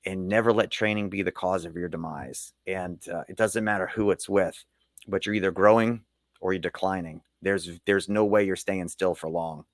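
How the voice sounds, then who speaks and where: Middle-aged male coach, low voice, earnest motivational delivery, dry close sound. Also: steady tone, normal speed, dry recording. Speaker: leadership coach and keynote speaker. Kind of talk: podcast interview.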